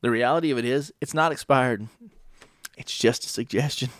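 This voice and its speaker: A man's voice: mid-range voice, normal speed, a bit bright. A man talking casually in a rambling, profane monologue, full of rhetorical questions.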